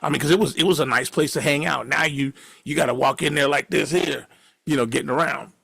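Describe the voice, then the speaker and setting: A man with a gravelly, husky voice rambling through a story full of cursing. He talks casually and laughs along at his own tale. The sound is dry and close, with no room around it. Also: fairly high pitch, fast talker, a bit bright, no room sound.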